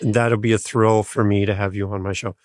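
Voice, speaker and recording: A man guesting on a podcast, energetic and full of stories about his own shows. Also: lowish voice, a little fast, no room sound. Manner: energetic, storytelling. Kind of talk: casual interview chat.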